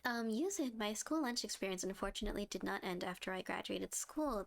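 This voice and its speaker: A woman's voice: medium pitch, fast, gravelly, hardly any pauses. A young woman streaming a game live, chatting and giggling as she reads her chat aloud and reacts to the story.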